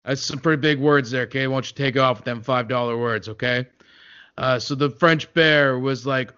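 Brief: a man of medium pitch, rambling storyteller, gruff with the kids, lots of hesitations, lo-fi recording. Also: moderate pace, pushed and bright. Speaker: comic storyteller doing an impression. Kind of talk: comedy sketch storytelling.

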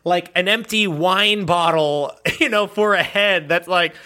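A man riffing in casual chat, animated and profane, telling a story through laughs. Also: high-pitched, a little slow. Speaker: co-host improvising a campaign.

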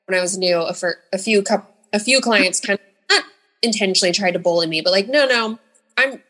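A woman's voice: mid-range voice, quick pace, sharp tone. A woman who works as an esthetician, chatting casually and laughing readily. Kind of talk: casual chat.

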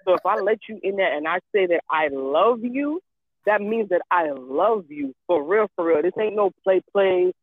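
A woman's voice: fairly low pitch, lively intonation, moderate pace, dry recording. A woman in casual chat who talks emphatically, repeats herself, and swears freely. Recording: tinny phone-like line.

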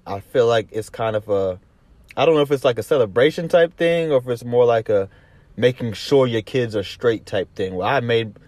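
A Southern commentary vlogger from Atlanta speaks at a moderate pace in a mid-range, slightly mellow voice, captured as a dry recording. He rambles and curses through casual commentary full of restarts, laughing easily.

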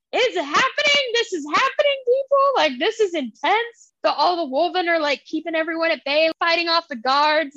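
A woman's voice: high voice, a bit bright, no echo, muffled recording. A young woman co-hosting a podcast, animatedly retelling a story's scenes and laughing often. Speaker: podcast co-host. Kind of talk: casual book chat.

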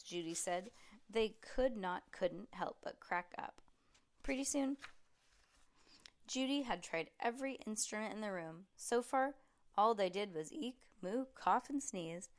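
A woman's voice: medium pitch, normal speed. A woman reading a children's chapter book aloud. She voices the characters as she goes and stumbles on words now and then. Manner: lively, animated reading with voiced characters and frequent slips. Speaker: storybook reader.

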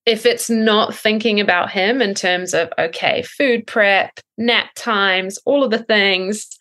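Here the breathwork coach, a woman in her thirties, talks slowly in a mid-range voice. It's a podcast interview, and her explanations are thoughtful, sprinkled with ums and quiet laughter.

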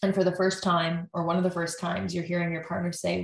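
A woman speaks as a couples therapist, explaining how therapy works and breaking into quick acted-out lines of what partners say. Her voice sits a little low. The recording has a roomy echo around her. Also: little pitch movement, creaky. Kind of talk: explanatory talk.

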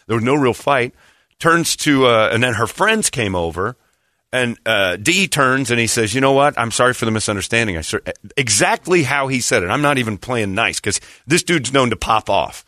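A man's voice: moderate pace, no room sound, clean studio sound. A man telling a story in casual chat, acting out the people he quotes. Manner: animated, acts out quotes with raised pitch.

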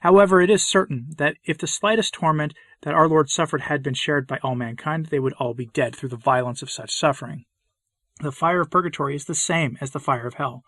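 A man's voice: fairly high pitch, fairly quick, fairly bright tone, no echo. A man preaching a solemn sermon, reading it with impassioned pleading.

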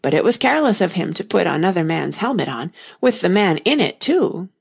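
A woman voicing a gentle, bumbling old male knight who rambles on earnestly and solemnly about his inventions, in an audiobook reading. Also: fairly low pitch, big pitch swings, brisk, creaky, slightly rough, exaggerated voice.

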